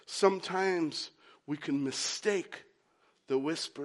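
A man preaching a sermon, dropping to hushed whispers and rising to loud, emphatic shouts, with deliberate pauses. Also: high-pitched, expressive. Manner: dramatic pauses, slow deliberate phrasing. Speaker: pastor.

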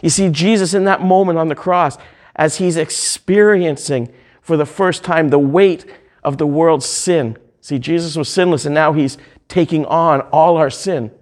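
Slow, deliberate male preacher. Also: on the high side, darkish tone. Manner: reads scripture and hymn lyrics aloud. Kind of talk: sermon.

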